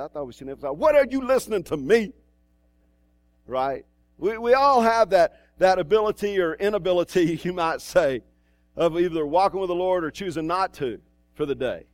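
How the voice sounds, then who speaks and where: A man with a fairly high voice preaches a sermon in a church, talking to the congregation like a conversation. He drifts into side remarks and restarts his sentences. The sound is close and dry, with little room echo. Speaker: pastor.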